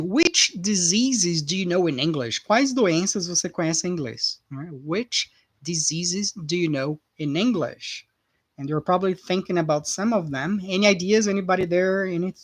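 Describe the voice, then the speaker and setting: A man's voice: sits high, animated, a little slow, a bit bright. Man, online English teacher, patient, keeps asking "right?". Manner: patient, repetitive, checks in with "right?" constantly. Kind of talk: live online English lesson.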